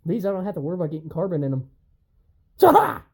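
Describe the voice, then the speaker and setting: A man's voice: a little high, racing, warm tone, rough recording. A man who collects old chainsaws, ranting in a casual vlog with brash, rambling, profane trash talk.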